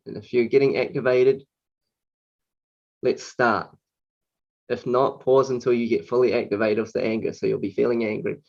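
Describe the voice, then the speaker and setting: Male coach, guided exercise, unhurried repetitive delivery, mid pitch, muffled audio. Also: a little mellow. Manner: slow, repetitive chanting of single words.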